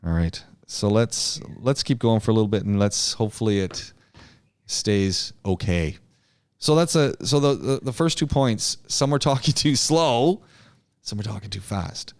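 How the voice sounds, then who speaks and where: A man teaching a public speaking class, giving feedback in an animated way, with frequent restarts and acted-out sample chats. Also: on the low side, measured pace.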